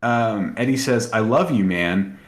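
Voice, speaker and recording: In a casual podcast conversation, this male co-host speaks with emotion and plenty of filler words. He has a lower voice, talks at a measured pace, and is recorded in an echoey room.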